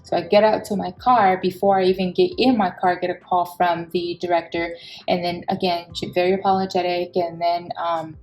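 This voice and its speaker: A woman, telling a personal story in an expressive, heated vlog style and acting out the people she quotes. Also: on the low side, a little fast, poor audio.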